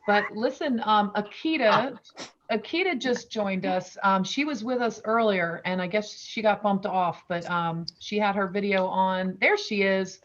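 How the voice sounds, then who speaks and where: A woman's voice: medium pitch, measured pace. A woman hosting an online round table over a video call, chatting casually, apologizing often and laughing. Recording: dull lo-fi video-call audio.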